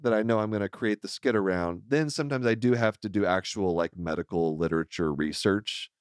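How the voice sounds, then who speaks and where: A man's voice: lowish voice, brisk, smooth, no echo. Dry-sounding man hosting a chat. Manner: hesitant, restarts sentences. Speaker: podcast host; ophthalmologist making comedy skits. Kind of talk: casual chat.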